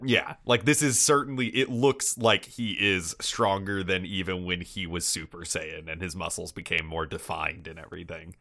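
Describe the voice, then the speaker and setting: A man with a fairly low voice and a bright, forceful edge talks in a loose, rambling way. He laughs often and swears freely while chatting casually as a podcast co-host. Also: fairly even intonation, normal speed, few pauses. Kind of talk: casual chat reviewing an anime episode.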